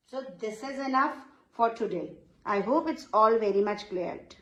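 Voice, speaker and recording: A woman's voice: on the high side, expressive, moderate pace, a bit bright, roomy sound, low-quality recording. A middle-aged woman from Pakistan with a Pakistani accent and Urdu as her first language, teaching in a patient classroom manner, repeating phrases and checking in with "Okay?". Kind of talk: slow, patient classroom explanation.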